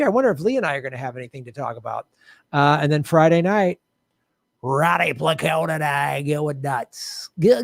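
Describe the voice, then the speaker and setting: A man's voice: medium pitch, no room sound, studio quality. A male livestream host in casual sign-off chat, loose and chatty, laughing often and thanking viewers by name.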